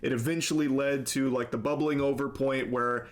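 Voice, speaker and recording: A man explaining events in a commentary video, measured, with sarcastic asides and acted-out quotes. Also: mid-range voice, steady tone.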